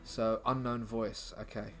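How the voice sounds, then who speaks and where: A man's voice: mid-range voice, little pitch movement, unhurried, fairly bright tone, faint music behind. A man comedian writing a script live on stream, musing and thinking aloud with his viewers, often trailing off mid-thought.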